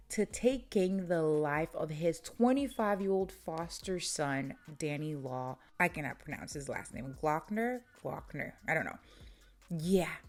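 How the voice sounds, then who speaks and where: Indignant young woman telling a true crime story. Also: fairly low pitch. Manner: indignant, exclaiming commentary. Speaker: true crime channel host.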